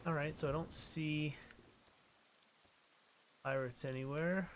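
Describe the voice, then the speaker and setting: A man casually commenting as he plays a video game, with low-key, mumbled asides. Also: steady tone, slow pace, a little hiss or hum. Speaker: let's play host.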